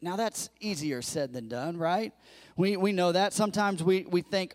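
A pastor preaching a lively sermon to his congregation, acting out quoted lines in a raised voice and joking with the crowd. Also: high voice, moderate pace. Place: church.

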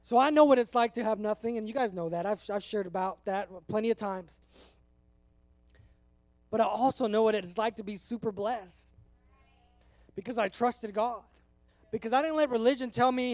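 A man's voice: sits high, moderate pace, long pauses, a little mellow, no room sound. A man in his thirties from California, preaching a conversational sermon to his congregation in an earnest way. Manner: earnest, conversational, emotional at times. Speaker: pastor.

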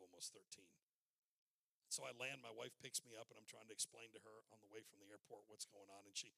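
A man's voice: medium pitch, gravelly, pushed and bright, no echo. An older man preaching a sermon, telling personal stories in an emotional, earnest way.

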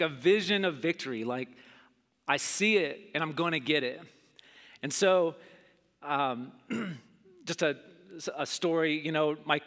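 A middle-aged man preaching a sermon, telling stories and acting out scenes with big jumps in his voice. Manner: animated, acts out scenes with big pitch jumps. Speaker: pastor. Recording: long hall reverb.

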